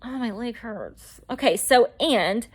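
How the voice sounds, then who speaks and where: A woman's voice: on the high side, animated, slow, slightly rough. A woman vlogger telling her own story in a chatty, rambling way with lots of fillers. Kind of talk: casual storytelling to camera.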